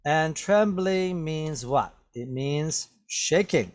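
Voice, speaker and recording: A man teaching an English vocabulary lesson, explaining words slowly and checking in with "okay?" after almost every phrase. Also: on the high side, expressive. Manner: repetitive, drawn-out explanations with many "okay?" checks. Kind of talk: slow classroom vocabulary lesson.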